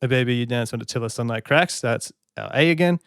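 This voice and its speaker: A man's voice: medium pitch, brisk, vocal fry, clear, resonant tone, no echo, clean studio sound. A man giving music analysis commentary as a songwriter, stopping to sing lines and count beats to show his points. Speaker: songwriter reacting to an album.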